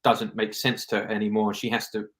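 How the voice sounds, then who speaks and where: A man's voice: fairly low pitch, flat delivery, a little fast, a bit bright. A man speaking as a film director guest in a casual interview, reflective and rambling, often restarting his sentences.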